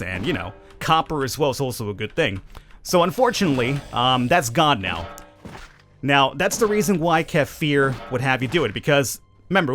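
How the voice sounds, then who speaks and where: A man's voice: mid-range voice, fairly bright tone. A man giving rambling, self-amused commentary over his mobile survival gameplay. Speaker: gaming YouTuber.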